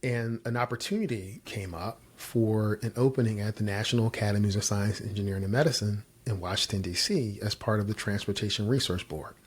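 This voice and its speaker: 40s guy on a podcast telling his story, gets really animated when quoting himself. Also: lowish voice, brisk, few pauses, breathy edge. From Virginia, US. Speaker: guest. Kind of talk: storytelling interview answers.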